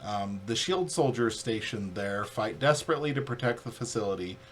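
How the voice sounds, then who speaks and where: A man's voice: fairly low pitch, lively intonation, brisk, slight background noise. A man co-hosting a board game playthrough, reading the rules aloud in a casual, joking way. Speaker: co-host and rules reader.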